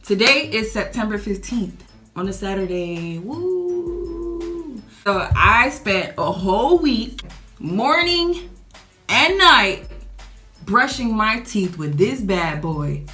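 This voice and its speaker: Slow, chatty young woman. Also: fairly high pitch, very animated, bright, forceful tone, soft background music. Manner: chatty, playful, laughs often, addresses viewers as y'all. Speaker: vlogger reviewing a product. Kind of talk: casual chat to camera.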